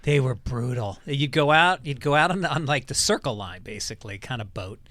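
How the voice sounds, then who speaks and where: A man in casual chat who mostly adds short reactions, then tells his own story about playing rough comedy gigs. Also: mid-range voice, lively intonation, fairly quick, fairly bright tone, dry recording.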